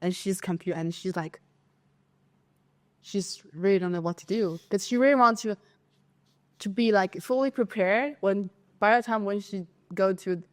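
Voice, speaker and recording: A woman from China with a Chinese accent, a podcast co-host telling a school story in casual chat, animated and lively as she acts out her classmates' voices. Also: mid-range voice, normal speed.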